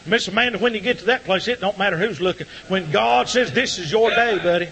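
A man preaching a sermon to a congregation in church, rising to shouts at the peaks. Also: high voice, brisk, vocal fry, rough recording. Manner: impassioned, shouting at peaks, folksy.

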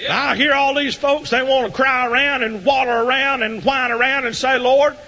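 A man preaching a sermon to a congregation in church, rising to shouts at the peaks. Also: very high voice, fairly even intonation, normal speed, hardly any pauses, low-quality recording. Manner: impassioned, shouting at peaks, folksy.

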